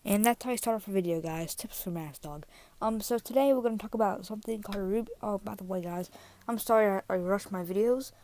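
A woman's voice: medium pitch, fast, a little mellow. A woman vlogger in casual chat, rambling with many fillers and asides, recorded on a phone. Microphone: iPhone.

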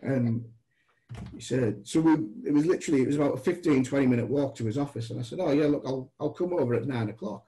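A man from England chats as a podcast guest, telling long anecdotes and putting on voices for the people in them. His voice is warm and mellow. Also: mid-range voice, quick pace, rough recording. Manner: animated storyteller, acts out dialogue. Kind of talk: anecdotal storytelling.

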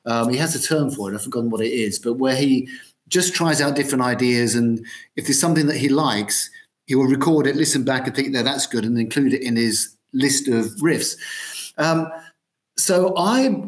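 A man's voice: medium pitch, normal speed. A man in his sixties, a guitarist being interviewed, chatting casually with many ums and restarts. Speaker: guitarist guest.

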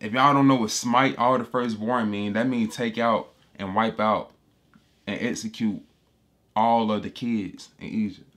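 A man's voice: on the low side, fairly even intonation, unhurried, fairly bright tone. A man giving casual, emphatic scripture commentary, repeating himself and calling listeners bro. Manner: emphatic and repetitive, slangy street talk, addresses listeners as bro. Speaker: Bible teacher.

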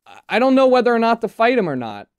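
Anxious woman giving quick game orders. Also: fairly high pitch, sing-song, dry recording, studio quality. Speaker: gamer. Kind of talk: casual gameplay chat.

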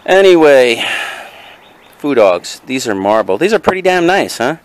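A man's voice: medium pitch, sing-song, a little slow. A man in a casual haul vlog, rambling through his thrift finds and talking straight to viewers, often correcting himself mid-sentence. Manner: rambling, chatty storyteller; self-correcting, talks to viewers directly. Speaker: reseller showing his finds.

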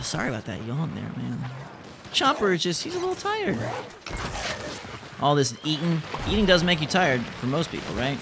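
A young man giving excitable let's-play commentary as a gaming channel host, exclaiming and repeating himself. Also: on the high side, normal speed, vocal fry. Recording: noticeable background noise.

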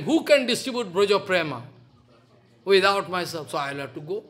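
A man's voice: sits high, a little fast. A man, speaking English, telling devotional stories in a sermon and acting out the characters' voices. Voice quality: non-native English with dropped verbs and articles. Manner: animated, acts out characters' voices. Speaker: spiritual teacher. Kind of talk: storytelling sermon.

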